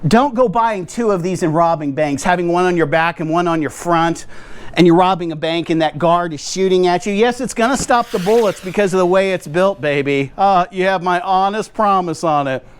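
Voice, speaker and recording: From his home garage, an American man with a high, smooth voice at moderate pace hosts a playful cooler review vlog. He rambles, makes tongue-in-cheek claims, and checks in with his viewers.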